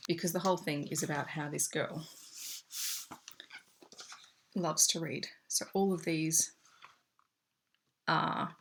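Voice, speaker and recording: A woman's voice: low voice, steady tone, slow, vocal fry, pauses often, fairly bright tone, slight background noise. A young Australian woman and teacher talking through a book haul in a chatty, enthusiastic way. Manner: chatty, enthusiastic, shows pages to camera. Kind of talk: casual book haul chat.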